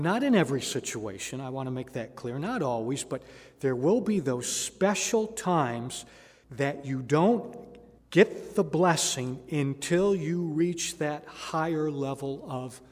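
Earnest male preacher in an echoing hall. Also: on the high side. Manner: earnest, emphatic, rising in intensity on key phrases. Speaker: pastor. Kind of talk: sermon. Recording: echoey hall with long reverb.

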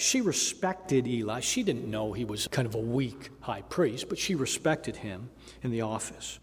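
A man's voice: mid-range voice, animated, measured pace, husky. A man preaching a sermon in an earnest, emphatic way, pressing harder on key phrases. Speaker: pastor. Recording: echoey hall with long reverb.

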